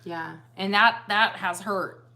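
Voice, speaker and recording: A woman on a casual livestream, chatting with her husband and reading viewer comments aloud, rambling and relaxed. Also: medium pitch, slow pace. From United States. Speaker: livestream co-host.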